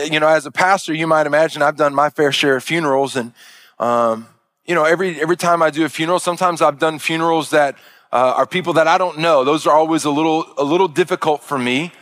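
A middle-aged man, a pastor, telling a story in a sermon with many halting restarts. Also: a little high, a bit bright, no echo.

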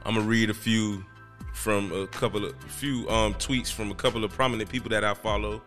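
A man hosting his own podcast, talking casually in an excitable, slangy, emphatic way. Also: on the low side, moderate pace, faint music behind. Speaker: podcast host. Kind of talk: casual solo podcast commentary.

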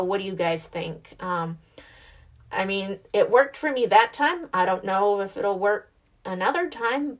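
A young woman and mother, chatting casually and rambling a little, reflective and quick to laugh. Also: mid-range voice. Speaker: mother vlogger. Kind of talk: casual chat.

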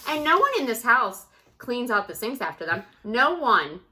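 Bright-voiced candid female podcast co-host. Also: fairly high pitch, sing-song, normal speed, a little hiss or hum. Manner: candid, profane, laughing banter. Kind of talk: casual chat.

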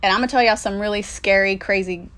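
A woman's voice: mid-range voice, steady tone, fast, a bit bright. A young woman telling a personal story in a casual, candid way, with lots of fillers and swearing.

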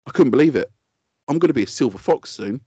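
Man, podcast co-host, husky voice, lively pitch, teasing and laughing often, dry muffled mic. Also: fast, no room sound. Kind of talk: casual chat.

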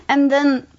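A young adult woman, an actor, telling an animated story in casual chat, laughing often and using many fillers. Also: high voice. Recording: dull lo-fi sound.

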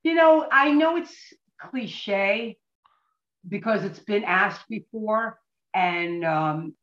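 A woman actress, a podcast guest, telling stories in an animated way and acting out what people said. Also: mid-range voice, slow pace. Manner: animated, acts out quoted voices. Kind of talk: anecdotal podcast storytelling. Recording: dull, roomy recording.

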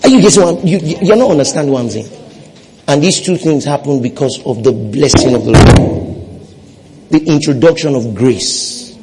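High-voiced man preaching a sermon. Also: expressive, normal speed, noisy background. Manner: call-and-response preaching with the congregation; repeats phrases for emphasis. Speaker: pastor.

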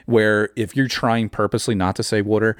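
Fast-rambling South Jersey man. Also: fairly low pitch, little pitch movement, smooth, dry recording, clean studio sound. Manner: rapid, rambling riffs, profane. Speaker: podcast co-host. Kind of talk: casual chat.

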